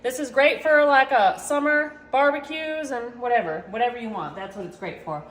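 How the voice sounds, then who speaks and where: Speaking at a moderate pace in a voice on the high side, a woman hosts a laid-back cooking demo in her own kitchen. She chats with viewers, calling them y'all, while dishes clatter around the echoey room.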